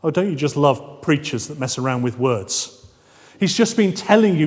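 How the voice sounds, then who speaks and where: A man preaching a sermon, measured and emphatic, drawing out key phrases. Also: a little high, animated, long reverb tail. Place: church.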